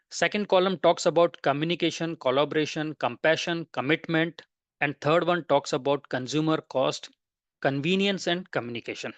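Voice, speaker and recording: A man's voice: on the high side, moderate pace, no room sound. A man presenting a webinar lecture, explaining step by step and listing terms one after another.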